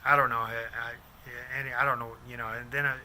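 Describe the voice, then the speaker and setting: A man's voice: medium pitch, level tone, a little fast, pushed and bright. A man in his fifties from Iowa, telling a rambling personal story in a casual way, often losing names and restarting sentences. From Des Moines, Iowa. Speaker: vlogger.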